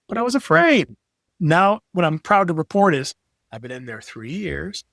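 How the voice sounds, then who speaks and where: A middle-aged man talking as a podcast guest, telling lively stories with swearing and acted-out quotes. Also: high-pitched, measured pace, gravelly, no room sound, studio quality. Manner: animated storyteller, profane, acts out quotes. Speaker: podcast guest, graphic designer. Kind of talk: casual chat.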